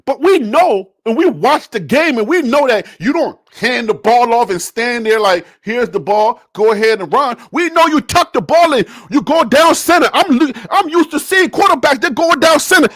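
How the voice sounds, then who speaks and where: A man from Liberia gives animated, theatrical sports commentary in a high voice that swoops constantly. He acts out the plays as he talks. The sound is close and dry, with no room echo. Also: normal speed, hardly any pauses.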